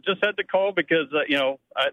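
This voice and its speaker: A man's voice: on the high side, fast talker, fairly bright tone. A man from Pennsylvania calling a radio show for the first time, friendly and teasing. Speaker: caller. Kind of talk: casual phone call. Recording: muffled phone line.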